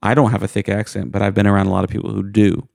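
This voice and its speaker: A man's voice: on the low side, flat delivery, very fast, vocal fry, darkish tone, no room sound, studio quality. A man co-hosting a podcast, chatting casually and telling goofy, self-mocking stories. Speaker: podcast co-host. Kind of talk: casual chat.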